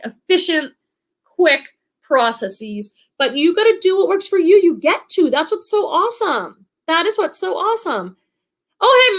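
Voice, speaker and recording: A woman whose voice sits high with a fairly bright tone hosts a relaxed livestream. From the Boston area and carrying a slight accent, she's chatty and upbeat, reading viewers' comments aloud as she talks with them.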